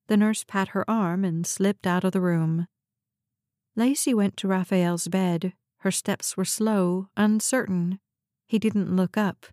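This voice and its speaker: A woman narrating a novel in a steady, even storytelling read, close to the mic. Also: mid-range voice, unhurried, dry recording. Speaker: audiobook narrator. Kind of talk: scripted narration.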